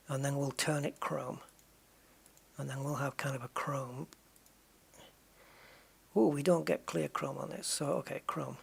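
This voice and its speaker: A man's voice: a little high, vocal fry, husky. A man streaming a racing game, musing aloud and chatting to viewers with jokey asides. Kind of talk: casual live-stream chat.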